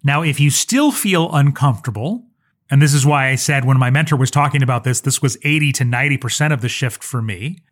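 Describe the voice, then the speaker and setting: A man's voice: mid-range voice, fairly even intonation, fast talker, few pauses. A man hosting a solo podcast as a social media coach, talking in an earnest, conversational way with personal stories. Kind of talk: solo podcast teaching talk.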